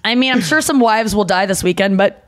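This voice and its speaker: A woman's voice: medium pitch, brisk. A young woman co-hosting a podcast, chatting casually in a blunt, profane, self-mocking way. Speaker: podcast co-host. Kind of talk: casual chat.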